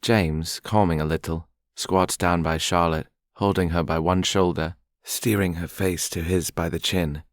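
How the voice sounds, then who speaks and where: A man narrating a romance audiobook in a measured, even storytelling manner. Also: sits low, no room sound, clean studio sound. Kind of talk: scripted narration.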